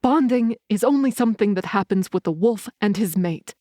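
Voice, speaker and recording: A woman voicing a protective, blunt young male werewolf in an audiobook, speaking a little lower and in an earnest, steady way. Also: moderate pace, no room sound, studio quality, close to an everyday voice. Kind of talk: audiobook character reading.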